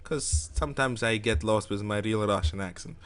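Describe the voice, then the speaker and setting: A man's voice: on the low side, normal speed, a crowd in the background. A man from Europe co-hosting a live gaming show, rambling and joking in casual banter full of fillers and restarts.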